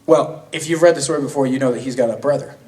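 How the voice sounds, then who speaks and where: A man's voice: medium pitch, fast, darkish tone. A young man preaching a sermon in a casual, slangy way, retelling a story with frequent restarts in a church. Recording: voice from a distance.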